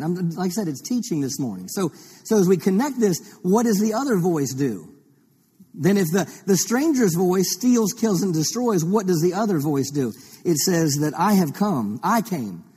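Male pastor, mellow husky voice, teaching sermon full of rhetorical questions. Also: high voice. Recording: long reverb of a large hall.

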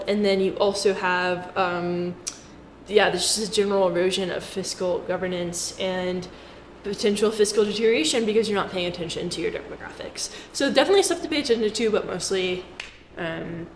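A woman giving a casual, chatty explainer to camera, with jokey asides. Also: medium pitch. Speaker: finance commentator. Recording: roomy echo with faint background noise.

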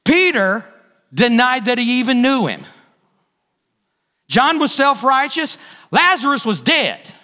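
A man's voice: very high-pitched, very animated, takes it slowly, long pauses, pushed and bright. A male pastor preaching a sermon, repeating key phrases for emphasis and asking the congregation questions. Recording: hall reverb.

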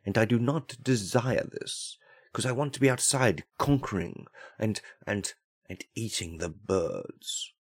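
A man's voice: on the low side, a little slow, slightly rough, no echo, clean studio sound. A man voicing a pompous, self-important male house cat in a comedic monologue, with grand, haughty, formal speech.

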